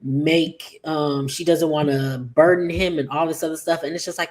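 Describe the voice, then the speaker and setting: A woman giving a casual, rambling recap of an episode, with many fillers and quick paraphrased quotes. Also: deep voice, fairly even intonation, darkish tone. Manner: chatty, rambling, full of "like" and "just like". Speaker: soap opera recap vlogger.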